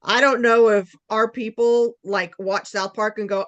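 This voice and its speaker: A woman's voice: medium pitch, fairly even intonation, unhurried, hardly any pauses, a bit bright. A woman chatting casually, blunt and teasing, swearing freely. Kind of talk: casual chat.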